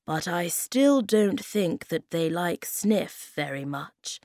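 A woman's voice: lowish voice, slow, dry recording, studio quality. A woman doing a kind clever storybook creature. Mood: kindly. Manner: calm, kindly explaining.

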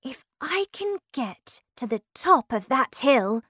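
A woman's voice: high voice, sing-song, slow, sharp tone, breathy edge, dry recording, voice pushed up, full character voice. A woman voicing a curious, polite young girl in a storybook reading, sounding eager and wide-eyed.

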